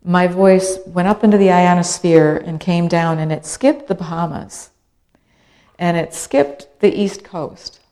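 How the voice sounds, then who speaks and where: A middle-aged woman tells her own story to listeners, an author whose voice sits a little low for a woman. She builds tension with repeated phrases and shifts her delivery freely between moods. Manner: animated storyteller, acts out quoted voices. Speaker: author and speaker. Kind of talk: storytelling talk.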